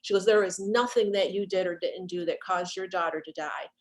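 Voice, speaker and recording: A middle-aged woman, a guest on a video call, talking about grief in an earnest, halting way and repeating herself as she remembers. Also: lowish voice. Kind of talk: heartfelt conversation about grief.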